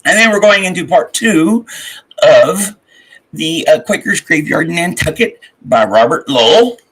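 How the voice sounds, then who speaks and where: A man's voice: a little high, expressive, unhurried, a bit bright, breathy edge, rough recording. A man hosting a morning live stream, rambling and laughing as he greets his chat. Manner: rambling, laughing, swearing, chatty. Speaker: livestream host.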